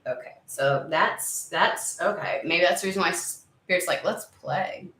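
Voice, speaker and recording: A woman talking through a tarot reading in a loose, rambling way, circling around her words. Her voice is bright and clear-toned, set back from the mic in an echoey room. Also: on the low side, moderate pace, far from the mic. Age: under 70. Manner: rambling, searching for words, many "like"s. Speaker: tarot reader. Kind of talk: casual spoken tarot reading.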